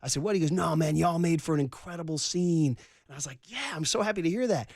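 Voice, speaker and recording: A man hosting sports radio, telling stories in an animated, slangy way, calling people dude. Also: a little high, fast, creaky, husky, no echo, studio quality. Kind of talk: excited sports radio storytelling. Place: radio studio.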